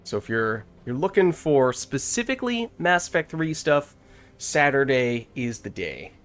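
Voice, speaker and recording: A man's voice: mid-range voice, sing-song, a little slow, fairly bright tone. A man in casual gameplay chat as a streamer, thinking aloud and laughing often. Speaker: gaming streamer.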